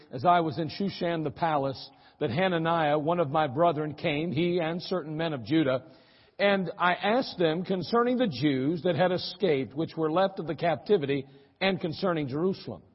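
A man's voice: on the high side, long reverb tail, highs cut off. A male pastor giving a sermon, telling a folksy story and reading scripture aloud in an archived church recording. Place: church sanctuary.

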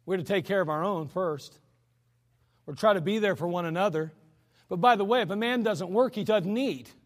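High-voiced preacher in a reverberant hall. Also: male voice, brisk. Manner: folksy, chuckling asides, emphatic scripture reading. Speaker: pastor. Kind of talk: sermon.

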